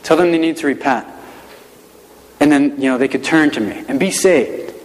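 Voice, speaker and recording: Man doing a calm patient divine voice, casual and plain, echoey hall. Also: on the high side, normal speed, close to an everyday voice.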